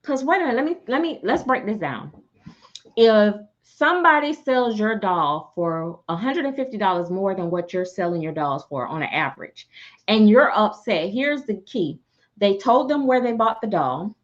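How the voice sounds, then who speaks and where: A woman who makes and sells dolls, ranting on a livestream in a sassy, animated way and cussing freely. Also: mid-range voice, normal speed, dull audio. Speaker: doll artist and seller. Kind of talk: livestream rant.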